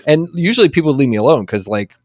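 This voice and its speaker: A man's voice: a little high, very animated, rapid-fire, a little mellow, no room sound, studio quality. A man in his forties from San Antonio, hosting a podcast in casual, rambling conversation full of fillers and restarts. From San Antonio, Texas. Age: 40s. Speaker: podcast host.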